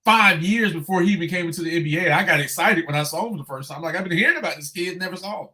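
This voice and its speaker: A man co-hosting a casual sports podcast, animated and profane, ranting loudly when upset. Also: high voice, rapid-fire. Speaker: podcast co-host.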